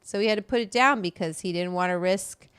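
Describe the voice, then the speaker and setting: A woman hosting a casual chat, chatty and relaxed, reading quotes aloud between remarks. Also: medium pitch, a little fast, clear, resonant tone, no echo. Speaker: host.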